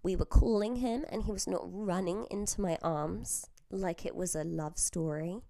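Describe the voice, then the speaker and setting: A woman's voice: fairly low pitch, normal speed, dark tone, no echo, studio quality. A young woman in her early twenties, a podcast host who is feeling unwell, telling stories in a chatty way, laughing often and sometimes dropping to a whisper. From southern England. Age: early 20s. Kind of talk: casual chat. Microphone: very close to the mic.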